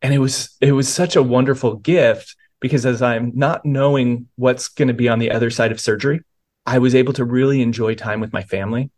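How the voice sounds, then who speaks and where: A man's voice: mid-range voice, fairly even intonation, fairly quick, darkish tone. Earnest pastor telling his story. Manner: earnest, reflective, many restarts. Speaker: guest, pastor and author. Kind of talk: podcast interview, personal testimony.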